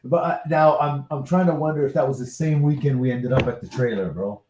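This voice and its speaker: A man's voice: mid-range voice, fairly quick, echoey room, noisy background. A man co-hosting a podcast, chatting casually, teasing his friend and addressing listeners. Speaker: podcast co-host. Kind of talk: casual chat.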